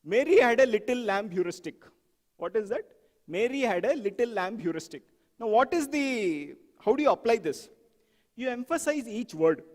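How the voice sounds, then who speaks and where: A man giving an animated conference talk on software testing, asking the audience questions and acting out examples. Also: sits high, moderate pace, big-room sound.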